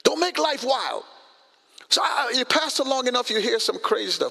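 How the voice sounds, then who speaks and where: A man in his sixties preaching a sermon as pastor, animated, acting out conversations with sudden jumps in pitch. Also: normal speed, creaky, long reverb tail.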